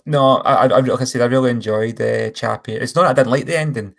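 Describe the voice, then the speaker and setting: Gravelly man chatting films. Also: mid-range voice, quick pace, fairly bright tone, a little hiss or hum. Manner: enthusiastic, rambling, self-correcting. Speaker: podcast co-host. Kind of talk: casual film chat.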